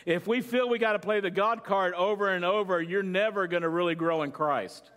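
A man's voice: high-pitched, fairly quick, a bit bright. An older male pastor preaching a sermon in a conversational, joking storytelling style, asking the congregation questions.

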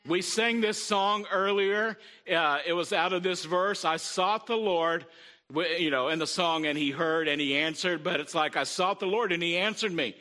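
A middle-aged pastor preaching a sermon in a conversational way, often calling out "Amen?" to the congregation. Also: male voice, high voice, normal speed, bright, forceful tone. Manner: conversational preaching with frequent "Amen?" call-outs.

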